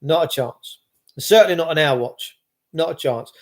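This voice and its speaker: A man's voice: a little high, moderate pace. A middle-aged man delivering an impassioned, rambling monologue, repeating himself and restarting phrases. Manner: impassioned, repetitive, with frequent restarts.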